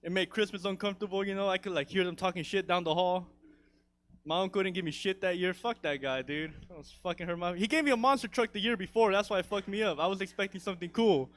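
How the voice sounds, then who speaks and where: A man's voice: high-pitched, quick pace, a bit bright. A man telling a story in a stand-up set, rambling and profane and full of "dude" and "you know". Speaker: stand-up comedian.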